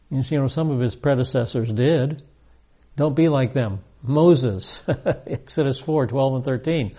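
A man's voice: mid-range voice, moderate pace, warm tone, dull audio. A man giving a verse-by-verse Bible teaching, emphatic and repeating key points with rising stress.

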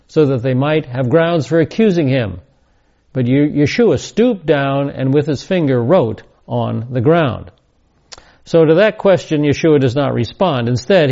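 Guy teaching bible verse by verse, mellow voice, stresses words slow, kinda dull muffled recording. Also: medium pitch, gravelly. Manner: emphatic, reads scripture aloud, slows down to stress key words.

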